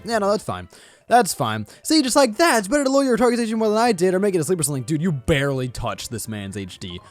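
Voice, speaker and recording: A man giving casual, joking commentary while playing a video game, excitable and quick to laugh. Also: a little high. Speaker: gaming channel host.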